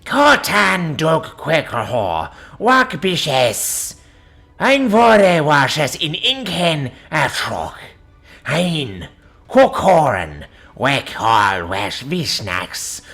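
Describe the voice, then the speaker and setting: Woman doing a rasping guttural monster warlord. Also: sits low, voice pushed down, exaggerated voice. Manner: slow, shouted commands in an alien tongue. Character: huge female armored monster warlord, menacing.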